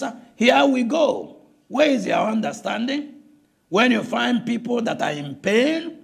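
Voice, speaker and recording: An older Nigerian pastor preaches with a rough, gravelly voice. His pitch sits high and swings widely as he calls out to the congregation, often breaking into shouts. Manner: impassioned preaching with frequent shouts and "listen to me". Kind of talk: sermon.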